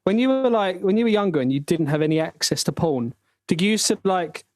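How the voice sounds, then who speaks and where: A man's voice: high-pitched, animated, fairly quick, darkish tone, no echo. A man, co-hosting a podcast, adding cheeky giggly asides in casual chat. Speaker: podcast co-host.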